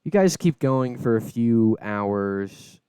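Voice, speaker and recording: A man's voice: medium pitch, animated, takes it slowly, mellow, smooth, no echo. A man narrating a tabletop game as game master, laid-back and descriptive, on a close podcast mic.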